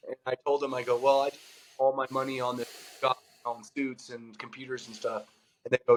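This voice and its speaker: Talking quickly in a medium pitch, the former baseball pro from California spins casual stories and performs the quoted lines himself, with "like" peppered throughout. He's middle-aged, loose and animated. The recording is rough, with slight background noise.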